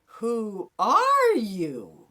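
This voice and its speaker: A woman's voice: very high-pitched, fairly even intonation, fairly quick, pitched above the performer's own voice. A woman voicing Rocky, a playful male sidekick who gets dramatic and tries things out. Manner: dramatic, experimental.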